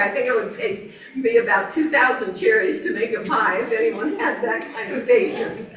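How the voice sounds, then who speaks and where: A woman's voice: medium pitch, normal speed, fairly bright tone. A woman giving an informal nature talk about plants, chatty, with frequent laughs and fillers. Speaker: garden speaker. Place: outdoor garden event. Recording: roomy, distant mic, faint ambience.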